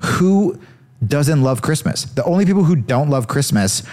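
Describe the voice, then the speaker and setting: Lively sarcastic male comedian host. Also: on the high side, normal speed. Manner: sarcastic, riffing. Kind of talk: comedic commentary on video clips.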